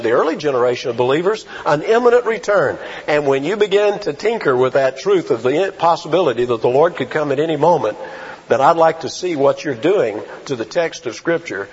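Male pastor, emphatic sermon delivery, pitch swinging widely, muffled lo-fi sound. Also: husky. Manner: emphatic preaching with rhetorical questions and slow stressed phrases. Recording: dull lo-fi sound.

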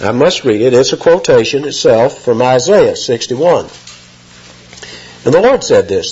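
A man's voice: mid-range voice, very animated, moderate pace, a little mellow, husky. A man preaching an expository sermon, emphatic and rising sharply when he quotes. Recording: muffled lo-fi sermon recording.

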